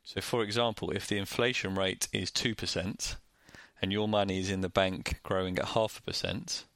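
A man with a Northern English accent co-hosting a finance chat, explaining things in a plain, measured way. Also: low-pitched, fairly even intonation, a bit bright, dry recording. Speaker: co-host.

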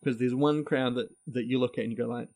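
A man's voice: mid-range voice, fairly even intonation, fast talker, darkish tone. A man from the American South with a Southern accent, co-hosting a comedic film podcast and rambling through jokes with frequent laughter. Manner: joking, rambling, laughs often. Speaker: podcast co-host.

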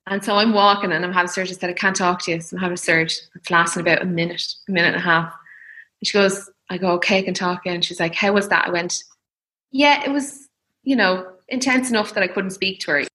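Chatty Irish woman, bright voice. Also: lowish voice, steady tone, fast talker. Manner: chatty, laughs often, acts out quoted voices. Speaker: mother telling her birth story. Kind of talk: casual storytelling chat.

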